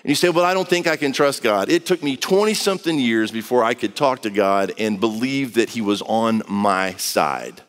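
A man's voice: medium pitch, expressive, moderate pace, few pauses, long reverb tail. A man preaching a sermon in a casual, conversational way, acting out quotes as he reads and explains scripture. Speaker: pastor.

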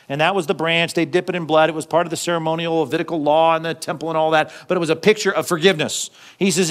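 A man preaching a sermon, talking to the congregation in a relaxed, conversational way. His voice sits a little on the high side for a man. He acts out the quotes he reads and drops in jokey asides. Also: fast talker. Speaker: pastor.

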